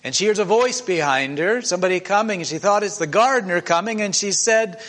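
A man's voice: high-pitched, lively intonation, a little fast, fairly bright tone. A man preaching in a church meeting, retelling a scripture story in an emotional, conversational way with many restarts.

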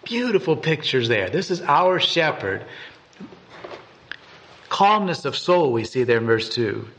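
Guy preaching a short devotional, earnest, kinda high voice that swings up and down a lot. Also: big pitch swings, unhurried, a bit bright, slight background noise. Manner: earnest, repeats and restarts words, rises in pitch for emphasis. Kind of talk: devotional sermon with scripture reading.

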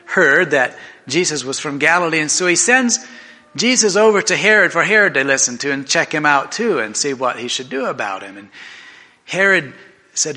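Animated preacher with a sharp voice. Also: male voice, on the high side, moderate pace. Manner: animated, conversational, with many restarts. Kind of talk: sermon storytelling.

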